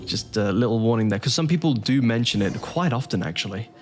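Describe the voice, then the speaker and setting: A man's voice: medium pitch, animated, moderate pace. A man giving casual commentary on his own gameplay, thinking aloud and chuckling to himself. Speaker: gaming YouTuber.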